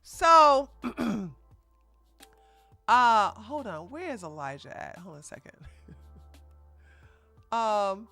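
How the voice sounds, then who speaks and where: A woman hosts a casual commentary stream, reacting with animated mockery and laughter. Her voice is bright and sharp, and she takes her time. It sits close and dry, with faint music behind. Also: on the high side, slow, creaky, long pauses, no room sound. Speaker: commentary host.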